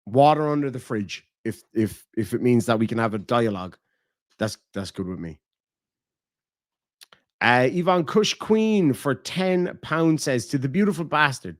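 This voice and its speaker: Irish male streamer, blunt and profane, mid-pitched, dry close sound, casual donation-reading chat. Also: measured pace, no room sound. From Ireland. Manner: blunt and profane, animated swings in loudness. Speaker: livestream host.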